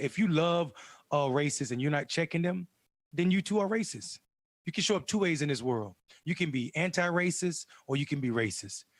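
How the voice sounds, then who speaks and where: A man's voice: on the high side, dry recording. Blunt, profane man, fired up. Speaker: podcast co-host. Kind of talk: casual political chat.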